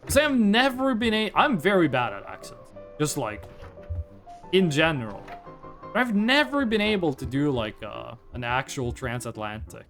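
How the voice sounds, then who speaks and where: A streamer from Norway speaking with an American-sounding accent, chatty and rambling, full of fillers. The pitch bounces around a lot. Faint music plays underneath. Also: big pitch swings, moderate pace, a bit bright. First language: Norwegian. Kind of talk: casual gameplay commentary.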